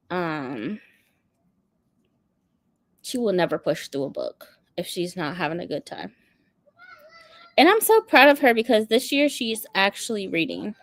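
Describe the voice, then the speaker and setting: A woman with a medium-pitched voice hosts a book channel in a casual livestream chat, animated and laughing often. The studio sound is clean, with no room sound.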